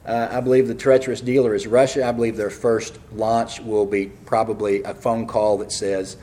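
A man preaching a fervent prophecy sermon, speaking quickly and rising loud when reading scripture. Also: lowish voice, flat delivery. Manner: fast, apologizes for speaking quickly.

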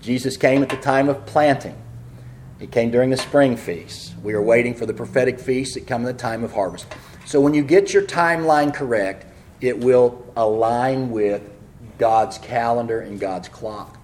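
Male preacher, fast and fervent, mid-range voice, sermon delivery. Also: medium pitch, slight background noise. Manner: fervent, rises loud on scripture readings; fast, apologizes for speaking quickly. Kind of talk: prophecy sermon.

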